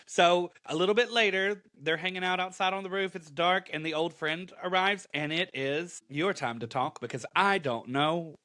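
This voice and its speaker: Animated, bright-voiced man recapping comics. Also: fairly high pitch, no echo, clean studio sound. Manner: animated, dramatic storytelling with quick asides. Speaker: comic book podcast co-host. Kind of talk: casual chat recapping a comic.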